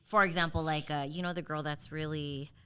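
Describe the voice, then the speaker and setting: A woman's voice: low-pitched, steady tone, a little fast, pushed and bright, clean tone. A woman co-hosting a casual podcast, laid-back, asking the others questions and peppering her talk with "like". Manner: laid-back, asks questions, agrees a lot, heavy use of "like". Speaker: podcast co-host.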